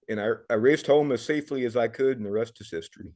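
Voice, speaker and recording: A man's voice: mid-range voice, fast talker, hardly any pauses, a little mellow. A middle-aged man, a podcast guest, telling a personal story in an earnest, emotional way, often repeating words.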